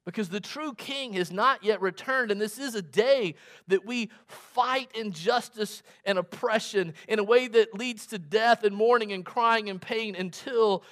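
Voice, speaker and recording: A male pastor delivers a sermon at an unhurried, measured pace. He repeats key words for emphasis and lets his pitch rise and drop as he drives his points home. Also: fairly bright tone. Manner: slow, deliberate preaching with emphatic repetitions.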